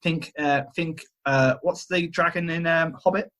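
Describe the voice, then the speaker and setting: His voice is fairly high and fairly bright, with a steady tone and a slightly slow pace. Calling in from home to co-host a podcast, he retells a myth in casual storytelling chat, hesitant and rambling, with self-deprecating humor.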